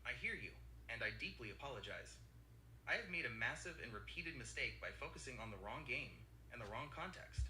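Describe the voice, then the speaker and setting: A text-to-speech male assistant voice with a very bright, sharp tone and a lively rise and fall. It speaks formally and apologetically. The voice carries a roomy echo with a faint hum behind it. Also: medium pitch, a little fast.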